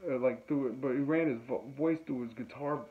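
Recorded at home with dull lo-fi sound and faint noise, a male musician who hosts a podcast rambles through a casual chat full of fillers and laughs. He speaks briskly at medium pitch.

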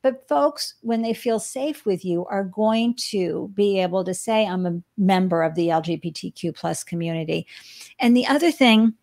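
A woman's voice: medium pitch, moderate pace, a little mellow. A woman hosting a podcast interview, chatty and speaking straight to her listeners. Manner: chatty, addresses listeners directly. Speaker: podcast host. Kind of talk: casual interview. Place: Boston.

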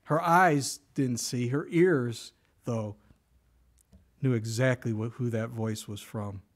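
Middle-aged guy preaching, chatty and lively, drops to a whisper for quotes. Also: medium pitch, slow pace. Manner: conversational, animated storytelling with whispered quotes. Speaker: pastor. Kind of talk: sermon.

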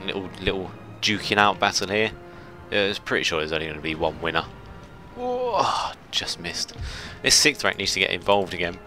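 A man giving chatty, self-mocking let's play commentary, shouting orders at his ships when excited. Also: deep voice, fast talker, faint music behind. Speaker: gameplay commentator.

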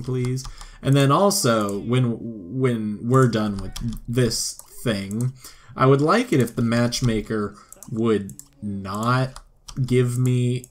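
A man's voice: mid-range voice, a little hiss or hum. A young man commentating a life-sim game, playful and sarcastic, talking to the characters on screen. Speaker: gameplay commentator. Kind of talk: let's play commentary.

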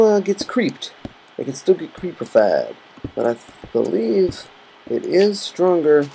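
A man's voice: mid-range voice, creaky, mellow, slightly rough, low-quality recording. A man rambling goofily to himself while playing Minecraft, recorded on a computer's built-in mic. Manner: rambling, goofy, talks to himself. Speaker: Minecraft let's player. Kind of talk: casual gameplay commentary. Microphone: computer's built-in mic, not headset. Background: computer fan hum.

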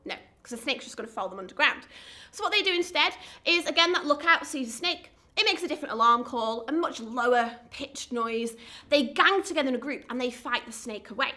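Bright, high-voiced upbeat woman. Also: expressive, a little fast. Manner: upbeat, encouraging, speaking to children at home. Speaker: zoo educator. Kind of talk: children's lesson.

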